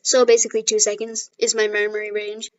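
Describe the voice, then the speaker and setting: A woman's voice: mid-range voice, monotone, fairly quick, a little mellow, muffled recording. A woman casually retelling a fan story, chatty and self-deprecating.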